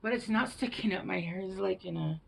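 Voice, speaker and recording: A woman giving a tarot reading to her viewers, gentle and reassuring, with hushed whispered asides. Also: medium pitch, brisk, gravelly, a little hiss or hum, rough recording. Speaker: tarot reader.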